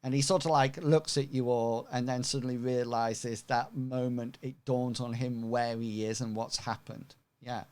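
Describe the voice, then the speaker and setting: A man narrating as game master, relaxed and full of fillers. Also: mid-range voice, normal speed, hardly any pauses.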